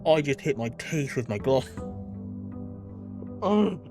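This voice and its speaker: Over music, an English streamer takes his time commenting on his gameplay, playful and wry, occasionally slipping into a mock-posh voice. His voice is medium-pitched with lively intonation.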